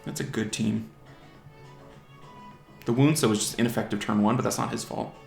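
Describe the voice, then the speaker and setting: A man's voice: lowish voice, fairly even intonation, normal speed, creaky. A man giving casual commentary on his own online game match, chatting strategy aloud and teasing the opposing monsters. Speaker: gaming channel host. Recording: roomy home recording with faint music.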